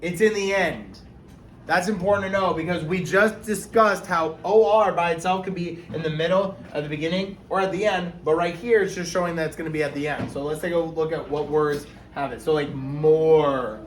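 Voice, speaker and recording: A man's voice: a little high, moderate pace. A male teacher giving a phonics lesson to young children, patiently sounding out words step by step. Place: classroom. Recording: echoey room with faint noise.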